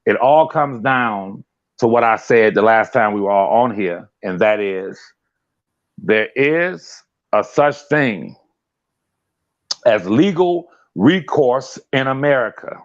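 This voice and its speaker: A man talking bluntly in a casual live-stream chat, animated, swearing and often laughing. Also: mid-range voice, slow pace. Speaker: guest commentator. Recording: dull lo-fi stream audio.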